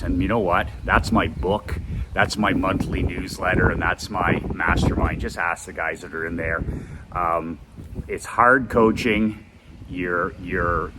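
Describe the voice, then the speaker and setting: A man hosting a walk-and-talk video outdoors, pushing his products in an emphatic, repetitive motivational style. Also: low voice. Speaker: host. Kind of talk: walk-and-talk sales pitch. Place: outdoors at home, walking. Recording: outdoor noise with passing traffic.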